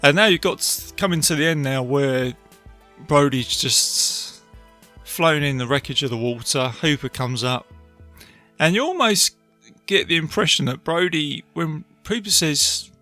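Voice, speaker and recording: A man's voice: fairly high pitch, unhurried, sharp tone, faint music behind. A man hosting a casual solo podcast, retelling film scenes. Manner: chatty, retelling scenes with many fillers. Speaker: podcast host, film reviewer. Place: beach outdoors.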